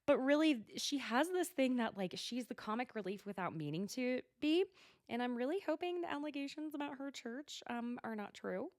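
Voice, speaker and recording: A woman's voice: sits high, expressive, normal speed, no echo, clean studio sound. A woman host with an Oklahoma Southern accent, chatting casually and bluntly in a solo recap, often laughing. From Oklahoma, USA. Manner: giggly, chatty, blunt, swears. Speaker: podcast host.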